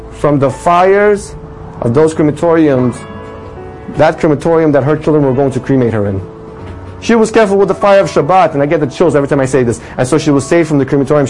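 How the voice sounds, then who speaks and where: A man telling a religious story with a moral in an animated sermon style, his voice rising for the dramatic lines. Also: a little high, low-quality recording. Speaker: storyteller teaching a religious lesson.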